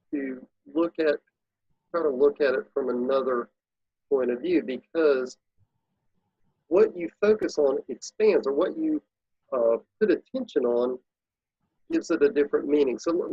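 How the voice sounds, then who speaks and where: A man talks in a husky, slightly breathy voice, pressing his points home with an emphatic coaching manner. The audio is dry and muffled, with a lo-fi dullness. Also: a little high, darkish tone, dry recording. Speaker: guest, productivity speaker and consultant. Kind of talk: casual interview talk.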